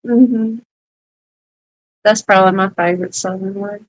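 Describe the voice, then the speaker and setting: A woman's voice: mid-range voice, steady tone, a little hiss or hum, rough recording. A woman co-hosting a casual chat who laughs a lot as she talks. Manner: laughs often, drawn-out speech. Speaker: co-host.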